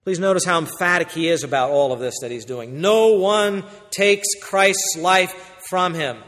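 A man with a high voice preaches a sermon with emphatic force, rising loud and then dropping quiet. His words ring out with a long reverb, as in a church sanctuary. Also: moderate pace. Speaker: pastor. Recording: hall reverb.

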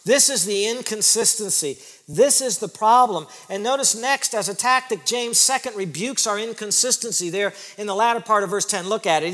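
A pastor preaches a sermon in a large hall, his high voice emphatic as he repeats phrases for stress and swings between loud and hushed.

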